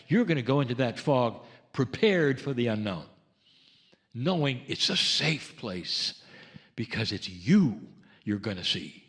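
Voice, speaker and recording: A man talking a group through a slow guided meditation as a spiritual channeler, speaking straight to his listeners. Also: medium pitch, lively intonation, in a large hall.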